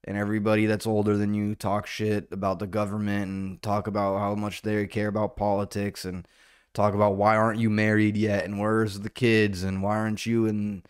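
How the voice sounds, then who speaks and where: A man hosting a solo comedy podcast in a rambling, profane monologue, now and then jumping into loud, high-pitched bits. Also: completely flat delivery, moderate pace, clear, resonant tone.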